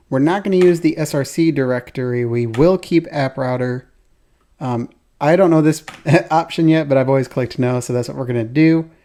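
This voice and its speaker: A man's voice: medium pitch, dark tone. A man hosting a code-along programming tutorial, thinking aloud as he types, with keyboard typing behind him.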